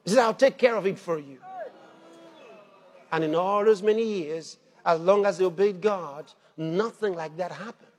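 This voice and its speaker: A man preaching a sermon, animated, laughing between points and rising to shouts at the peaks. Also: high voice, normal speed. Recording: long hall reverb.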